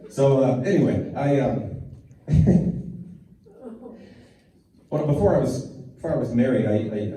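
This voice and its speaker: A man's voice: medium pitch, dark tone. A middle-aged man, a preschool teacher, telling rambling, self-deprecating stories as stand-up, with many restarts. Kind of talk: stand-up storytelling. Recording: echoey hall, voice far from mic.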